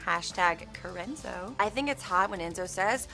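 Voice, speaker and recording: A woman's voice: mid-range voice, lively intonation, moderate pace, bright, forceful tone, soft background music. A young adult woman hosting a recap show in a bubbly, playful way, reading out fan tweets. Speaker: host.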